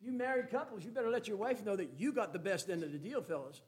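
A man's voice: high-pitched, quick pace. A man preaching a sermon as a Baptist pastor, folksy and joking, then emphatic.

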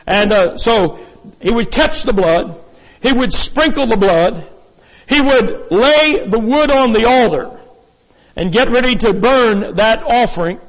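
A man's voice: very high voice, expressive, unhurried, long reverb tail, low-quality recording. A man preaching a sermon as pastor, in a folksy, rambling way with many fillers and asides. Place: church sanctuary.

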